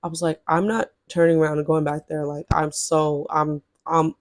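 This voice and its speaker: A woman vlogger telling a story straight to her viewers, chatty and blunt, swearing freely and jumping into high exasperated outbursts. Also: fairly even intonation, normal speed, no echo, clean studio sound. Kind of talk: casual storytelling to camera.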